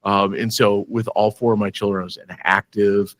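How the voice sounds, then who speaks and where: Low-voiced Michigan man telling stories. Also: normal speed, no room sound. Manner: animated storyteller, laughs often. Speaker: school superintendent and podcast host. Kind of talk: casual podcast chat.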